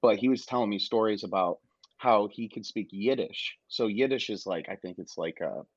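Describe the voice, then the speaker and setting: Low-voiced man chatting, dull dry sound. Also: normal speed, slightly rough, dry recording. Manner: relaxed, laughs along, asks prompts. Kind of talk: casual chat.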